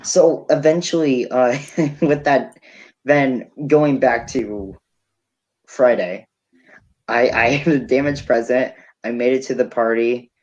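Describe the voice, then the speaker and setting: A young man co-hosting a podcast, with a middle-pitched voice. He chats casually, rambling through his story with plenty of fillers and frequent laughter. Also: slow pace, highs cut off. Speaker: podcast co-host. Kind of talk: casual chat.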